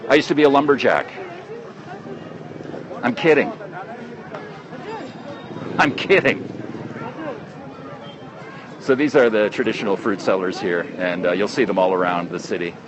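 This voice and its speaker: A man's voice: lowish voice, steady tone, fairly quick. A Canadian man walking through a busy outdoor square, talking into his phone in a rambling, friendly live broadcast with many fillers and restarts. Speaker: travel vlogger livestreaming. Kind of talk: casual live street broadcast. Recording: street noise from traffic. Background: crowd and motorcycles.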